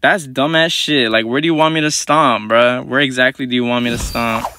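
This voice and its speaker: A young man giving live gameplay commentary in quick, slangy, profane banter as a gaming YouTuber. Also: mid-range voice, fairly even intonation, pushed and bright, slight background noise.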